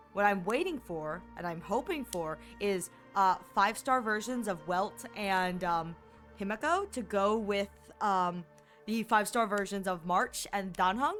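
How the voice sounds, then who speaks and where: A woman's voice: medium pitch, lively intonation, measured pace, fairly bright tone, soft background music. A woman streamer chatting casually as she plays, rambling and giggling with plenty of fillers. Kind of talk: casual chat while gaming.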